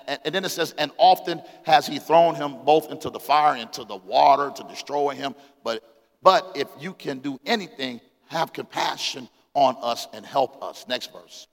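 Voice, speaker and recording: A man in his forties preaching a sermon as pastor, calling out to the congregation, swinging between loud exclamations and quiet scripture reading. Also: medium pitch. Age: 40s. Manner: call-and-response preaching, rises to shouts, reads scripture aloud. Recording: long hall reverb.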